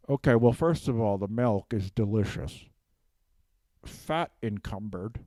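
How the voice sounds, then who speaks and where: Holding a handheld mic, a male improv comedian wanders through a rambling, made-up comic monologue, asking "okay?" after almost every phrase. He speaks unhurriedly in a low-leaning, expressive, mellow voice, and the recording is dry.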